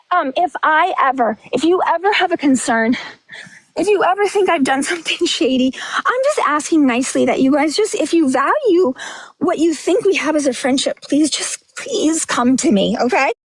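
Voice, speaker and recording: In a candid livestream monologue, the host speaks bluntly and with feeling, her thoughts wandering and restarting as she grows a bit breathless. She has a high, animated voice and a moderate pace, and the recording has no echo.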